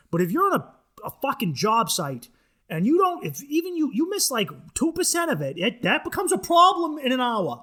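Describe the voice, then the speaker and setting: A man with a high, bright voice riffs through a crude comedy monologue. He rambles and swears freely, full of restarts and asides. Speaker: podcast host.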